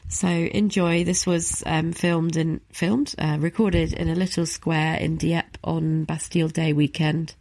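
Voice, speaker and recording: Caller, woman, low gravelly voice, dry close sound, hesitant delivery. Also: little pitch movement, a little slow, few pauses, a little mellow, no echo. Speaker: voice note caller. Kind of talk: casual voice note.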